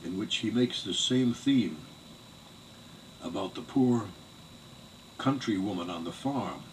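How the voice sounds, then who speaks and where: An older man giving an oral history interview, telling family memories in a measured, digressive way. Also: lowish voice, expressive. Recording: distant mic with faint background noise.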